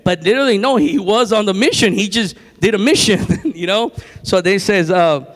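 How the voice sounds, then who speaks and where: High-voiced man preaching in reverberant church. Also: normal speed. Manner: lively storytelling, acts out quotes with laughs. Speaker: guest preacher. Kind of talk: sermon. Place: church sanctuary. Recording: long church hall reverb.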